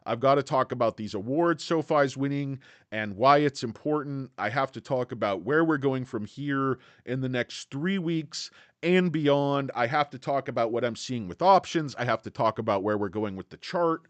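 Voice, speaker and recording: A brash man hosts a casual livestream about stocks, speaking bluntly and joking with his viewers. His voice sits at a middling pitch. The sound is dry and close, with no room echo. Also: normal speed. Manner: blunt, brash, jokey, greets chat viewers. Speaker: livestream host.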